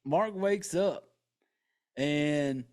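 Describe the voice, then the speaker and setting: A man's voice: a little high, extremely slow, darkish tone. A man hosting a podcast, casually and profanely retelling a horror movie's plot with joking asides. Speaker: podcast host.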